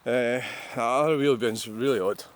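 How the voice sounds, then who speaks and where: A man's voice: mid-range voice, normal speed. A Scottish man in his sixties, a vlogger, rambling through a reflective monologue with wry, self-mocking asides. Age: 60s.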